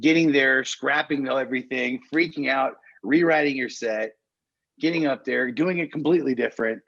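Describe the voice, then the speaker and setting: A man's voice: medium pitch, normal speed, gravelly, a bit bright, dry recording, dull audio. A man, a comedian guest on a podcast, chatting in a musing, laid-back way that trails off. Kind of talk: casual chat.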